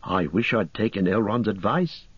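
A man's voice: on the low side, moderate pace, husky, no room sound, muffled recording. A man reading the lines of a timid young hobbit in an audiobook, fretful and muttering. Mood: anxious.

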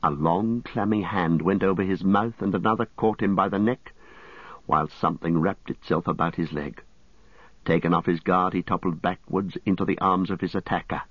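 Deep-voiced man narrating an audiobook. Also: fairly even intonation, breathy edge, no echo, highs cut off. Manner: measured, grave and deliberate. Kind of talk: scripted dramatic narration.

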